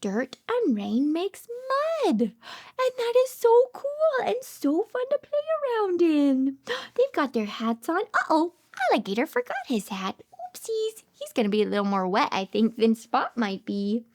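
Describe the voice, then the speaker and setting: A woman with a very high, bright-sounding voice reads a picture book to toddlers, drawing her words out slowly. She swoops up and down in an animated, sing-song way, gasping with delight and dropping into hushed asides as a speech therapist would for small children.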